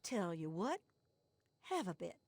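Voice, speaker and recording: A woman's voice: fairly low pitch, sing-song, unhurried, a little mellow, husky, no echo, heavily acted. An actress voicing a sly, folksy backwoods moonshiner woman with a Southern drawl in a game. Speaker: game character.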